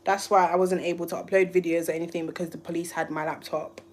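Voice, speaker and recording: A woman's voice: lowish voice, little pitch movement, quick pace, a little hiss or hum. A woman from the UK, a YouTuber, telling a rambling, emotional story on a live stream. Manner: emotional, rambling, restarts often. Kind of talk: casual livestream storytelling.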